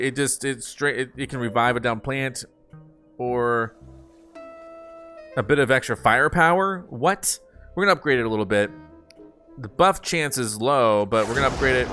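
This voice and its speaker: Bright-voiced upbeat gaming host. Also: male voice, mid-range voice. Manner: chatty, thinking aloud, upbeat. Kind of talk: casual gameplay commentary.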